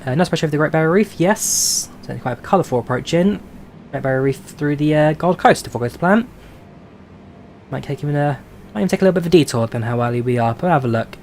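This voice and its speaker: A man's voice: a little high, animated, fast, darkish tone, slight background noise. A man with a London accent chatting casually on a live stream, reading out viewer questions and answering them with plenty of filler "uh"s. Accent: London English. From London, England. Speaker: flight sim streamer. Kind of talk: casual live-stream chat while flying a simulator.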